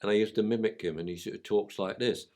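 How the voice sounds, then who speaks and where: A man who trains dogs, telling animated stories in a casual podcast chat. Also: fairly low pitch, fast talker. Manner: animated, vivid storytelling. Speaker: dog trainer and podcast guest.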